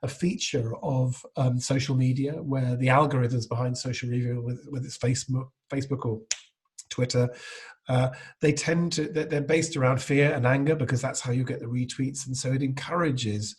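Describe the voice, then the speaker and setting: Husky man telling rambling anecdotes. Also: mid-range voice, steady tone, moderate pace, darkish tone. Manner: rambling anecdotes, frequent restarts. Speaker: guest, impressionist. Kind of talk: casual interview chat.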